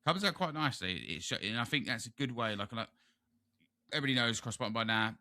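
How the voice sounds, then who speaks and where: A man's voice: mid-range voice, quick pace, sharp tone, dry recording, studio quality. A British man hosting a gaming podcast, chatting casually in a rambling, jokey way. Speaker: podcast host. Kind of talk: casual chat.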